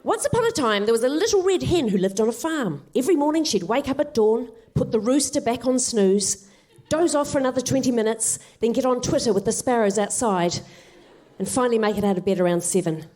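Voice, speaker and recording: A woman's voice: on the high side, lively intonation, brisk, darkish tone. A woman doing live stand-up, telling a comic fairy tale with wry, self-deprecating asides. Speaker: stand-up comedian.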